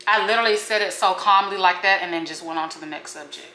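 A young woman vlogger ranting casually to her viewers at home, slangy and animated as she talks straight to camera. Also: on the low side, quick pace, a little hiss or hum. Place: home kitchen. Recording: echoey room.

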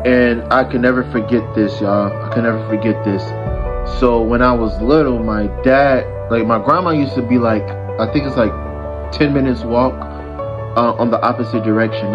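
A man's voice: medium pitch, muffled recording. A man telling a personal story in a casual vlog, rambling with lots of fillers and restarts.

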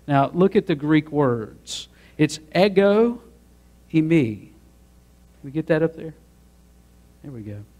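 A man's voice: a little high, big pitch swings, slow, pauses often, a little mellow. A pastor delivering a sermon from the pulpit. He is a man whose voice sits a little above the usual male range. He talks straight to the congregation and climbs into emphatic, rising build-ups.

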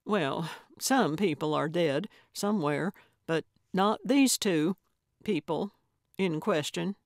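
A woman voicing an elderly, bossy woman sleuth in an audiobook, speaking loudly in slow, emphatic declarations. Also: medium pitch, no echo, clean studio sound. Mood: insistent. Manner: loud, emphatic, deliberate declarations. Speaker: audiobook character.

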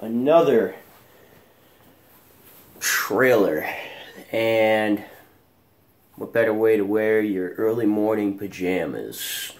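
A man with a deep, raspy early-morning voice talks slowly to his camera from home. He rambles casually and sounds sleepy and unhurried. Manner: slow, sleepy, chatty, rambling. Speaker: reaction video host.

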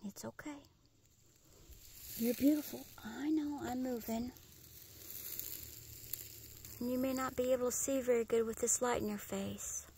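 A woman coaxing and soothing an animal in a gentle, often whispered voice, filming outdoors at night on a phone. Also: on the high side, steady tone, unhurried, pauses often, a little hiss or hum. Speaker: pet owner filming wildlife. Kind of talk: soft coaxing talk to an animal.

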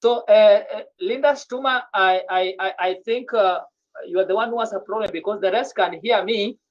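Speaking at normal speed in a mid-range voice, a woman teaches French grammar over a video call. Her words often get repeated or restarted, and the audio is dull and low quality.

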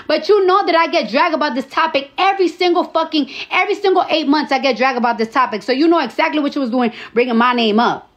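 A woman's voice: sits high, fast talker. A woman in her early thirties on a phone livestream, ranting bluntly and profanely and repeating lines for emphasis. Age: 30s. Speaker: social media personality. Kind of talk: casual livestream rant. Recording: slightly dull lo-fi phone audio.

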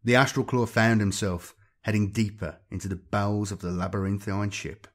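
Low, husky-voiced male narrator. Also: steady tone, normal speed. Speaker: audiobook narrator. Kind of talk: scripted fiction narration.

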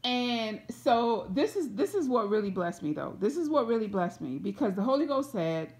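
A woman's voice: on the high side, normal speed, hardly any pauses. A woman from Atlanta with a Southern accent, preaching an informal prophetic word to camera and acting out the people in the story. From Atlanta, USA. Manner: animated, repeats phrases, acts out voices of people in the story.

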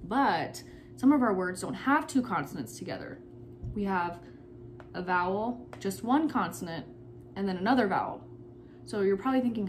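A woman's voice: mid-range voice, animated, normal speed, a little hiss or hum. A young woman teacher giving a recorded phonics lesson for children, patiently repeating and sounding out each syllable.

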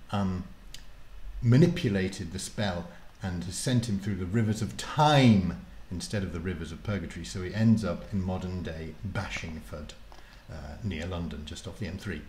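A man with a lowish voice reads his children's book aloud, chatting casually with ums before diving into the story. The sound bounces around a roomy, echoing space. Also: normal speed. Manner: lively, with casual fillers. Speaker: author reading his book. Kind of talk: storybook reading.

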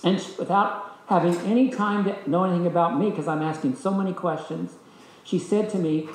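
A man's voice: high-pitched, a little fast. Older man telling a story in an echoey hall. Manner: lively anecdotal storytelling, voices the people in his stories. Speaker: discipleship school teacher. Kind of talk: storytelling teaching talk.

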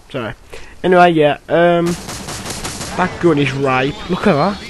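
A young man giving rambling, filler-heavy commentary over his own gameplay, with bursts of excitement. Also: on the high side, slow, a little hiss or hum, low-quality recording. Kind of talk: casual game commentary.

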